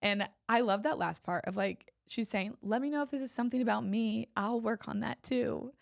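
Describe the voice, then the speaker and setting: A woman's voice: on the high side, normal speed, creaky, no echo, clean studio sound. Woman with a slight lisp, playful co-host. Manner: playful teasing, laughs often. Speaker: podcast co-host. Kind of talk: casual chat.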